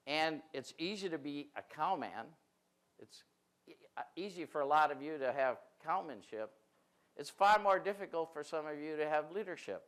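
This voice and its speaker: A man with a fairly high voice gives a seminar lecture to a live audience. He speaks emphatically, drawing out key words and slowing down to press each point home, the way a consultant does when teaching a roomful of people. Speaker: dairy management consultant presenting a seminar. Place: seminar room.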